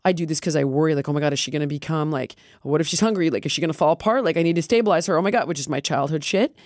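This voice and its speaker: Middle-aged woman venting on her podcast, animated, acts out quotes in little voices, swears a lot, dry close sound. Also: sits low, very fast, dry recording. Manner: animated, quotes herself and others in lively put-on voices, swears freely. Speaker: podcast host. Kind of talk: candid casual chat.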